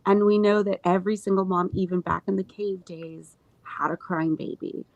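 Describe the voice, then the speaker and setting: A woman postpartum doula talking as a guest in a casual interview, earnest, with many fillers and lively retelling. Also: mid-range voice, normal speed, vocal fry, no room sound, dull audio.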